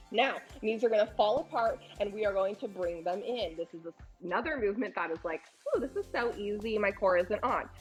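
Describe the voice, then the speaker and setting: A woman's voice: mid-range voice, lo-fi sound. Encouraging woman coaching a core workout. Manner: encouraging, cues breathing while exercising. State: slightly strained from exercising. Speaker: personal trainer. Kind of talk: guided postpartum core workout.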